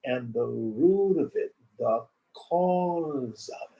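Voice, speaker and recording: A man teaching scripture over a video call, telling a parable slowly and deliberately and posing rhetorical questions. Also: mid-range voice, lively intonation, gravelly, lo-fi sound. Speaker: spiritual teacher. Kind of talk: scripture lesson with storytelling. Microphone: video call recording.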